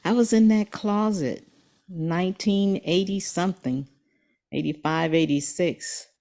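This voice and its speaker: An older woman in her seventies with a very low-pitched voice. She tells her story earnestly and hits key phrases hard, like a motivational guest on an interview show. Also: measured pace, darkish tone. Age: 70s.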